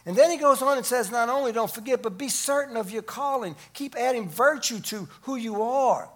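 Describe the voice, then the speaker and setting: A middle-aged pastor gives a sermon a little fast, his voice mounting to emphatic peaks before dipping low and quiet.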